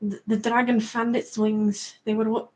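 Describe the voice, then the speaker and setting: A woman with a slightly high voice reads a fantasy passage aloud in a put-on Scottish accent. She reads a little hesitantly and stumbles over some words. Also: little pitch movement, moderate pace. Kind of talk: reading a fantasy book aloud.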